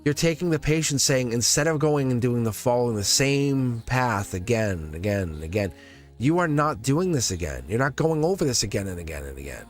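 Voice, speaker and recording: Male tarot livestream host, mid pitch, loose rambling delivery with frequent chuckles, soft music under. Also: sing-song, fairly quick. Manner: rambling, repeats phrases, chuckles often. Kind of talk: live tarot reading, casual spiritual talk.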